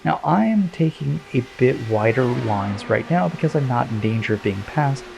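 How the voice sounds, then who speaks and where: A man calls his own race replay in a chatty, self-deprecating way. His voice has a gravelly edge. Faint game sound runs underneath. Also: medium pitch, expressive, normal speed, darkish tone, a little hiss or hum. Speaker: sim racing commentator.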